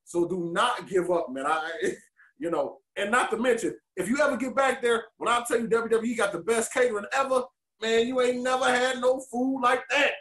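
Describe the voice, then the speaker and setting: A man from Detroit, a podcast co-host and former wrestler, telling candid stories in an animated, emotional way. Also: very high-pitched, normal speed, echoey room. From Detroit, USA. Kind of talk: candid storytelling interview.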